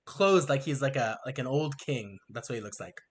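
A man's voice: mid-range voice, moderate pace, breathy edge. A man in his thirties narrating a tabletop game as game master, telling it in a loose, filler-heavy way. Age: 30s. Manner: lively, filler-heavy storytelling.

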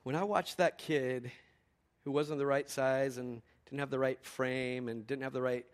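A middle-aged male pastor telling a lively story in a sermon, swinging from excited exclamations to quiet, earnest reflection. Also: mid-range voice, measured pace.

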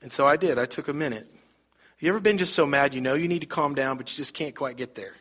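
A man's voice: medium pitch, fast talker, fairly bright tone. A middle-aged man preaching a sermon, telling a story conversationally and putting rhetorical questions to the congregation. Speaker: pastor.

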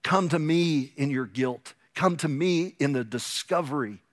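A man voicing a tender, forgiving ruler who speaks softly and slowly in a sermon retelling. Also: a little high, lightly acted. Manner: soft, pleading, slow.

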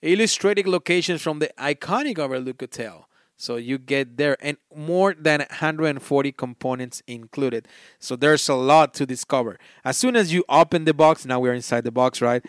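A man's voice: medium pitch, dry recording, studio quality. A man with a non-native English accent hosting a solo board game podcast. He chats casually and reads game text aloud, often stopping to restart a phrase. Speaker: podcast host.

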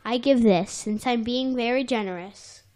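A woman's voice: a little high, moderate pace, darkish tone. A woman co-hosting a casual podcast from a small office, recapping an episode and playfully acting out characters. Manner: playful, acts out characters in bursts. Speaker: podcast co-host.

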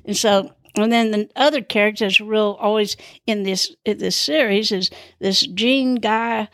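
A woman's voice: medium pitch, fairly even intonation, a little slow, fairly bright tone, no room sound, clean studio sound. A woman hosting her own show, telling rambling personal stories in a chatty, meandering, self-deprecating way. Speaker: podcast host.

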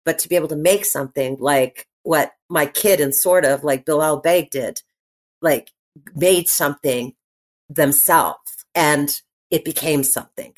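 With a low-pitched voice, a middle-aged actress chats loosely as a guest on a podcast interview. She talks animatedly and at length, restarting thoughts often and filling silences.

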